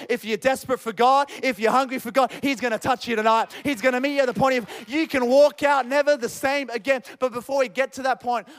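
A young man preaching a sermon with lively energy, telling stories and acting out the conversations in them. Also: extremely high pitch, clean tone. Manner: energetic storytelling preacher, acts out dialogue. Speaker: pastor.

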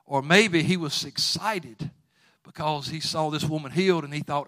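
Male preacher, slightly high voice; fervent sermon delivery, quiet retellings building to loud exhortation. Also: moderate pace.

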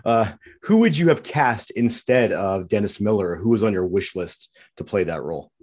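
A low, husky-voiced man co-hosting a podcast, reading fan questions aloud. His pitch swings widely as he stumbles and corrects himself. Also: animated, moderate pace, darkish tone. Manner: nervous, fumbling, self-corrects. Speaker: podcast co-host.

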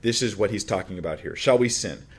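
A man delivers a sermon as a pastor with a fairly low voice. He teaches in a conversational, animated way and climbs higher in pitch when he presses a point, often restarting his sentences as he thinks aloud. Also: quick pace, husky. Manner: conversational preaching with emphatic rises and restarts.

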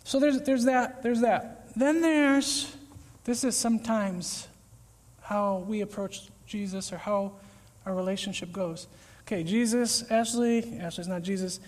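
A man preaching a casual, conversational sermon, acting out little scenes with sudden shouts and whispers. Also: high voice, fairly even intonation, measured pace. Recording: echoey hall with long reverb.

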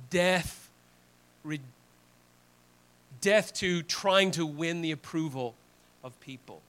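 A man's voice: fairly high pitch, slow pace, pauses often, fairly bright tone, clear, resonant tone. A man preaching a sermon in a conversational, earnest way, often restarting phrases. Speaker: pastor.

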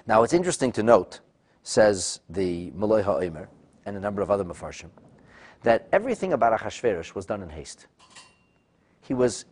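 A man with a fairly low voice delivers a text-study lecture. He talks animatedly, often restarting and repeating words, and breaks into loud, dramatic bursts when he voices the people he quotes. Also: husky. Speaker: Torah teacher.

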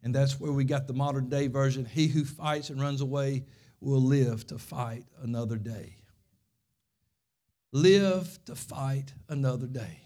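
A pastor preaching a sermon, telling stories and driving points home with repeated phrases. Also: male voice, medium pitch, warm tone.

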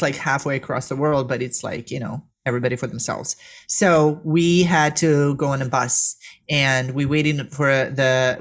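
A middle-aged Serbian woman appears as a guest and tells a personal story earnestly, halting and starting again as emotion takes over. Her voice is low-pitched.

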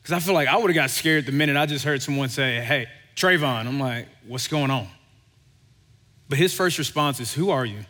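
A male pastor preaching a sermon, with relaxed, conversational delivery and animated storytelling. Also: a little high, fast, few pauses. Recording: long hall reverb.

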